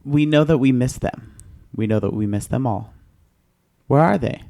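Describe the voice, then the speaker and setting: A man's voice: medium pitch, normal speed, vocal fry, dark tone. A man co-hosting a podcast in casual chat, playful and dramatic, joking as he talks. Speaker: podcast co-host.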